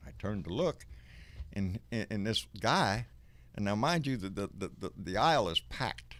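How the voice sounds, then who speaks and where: A man hosting a live talk show, telling a story in an animated way and cursing freely. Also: lowish voice, normal speed. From Texas. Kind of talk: casual chat with a caller.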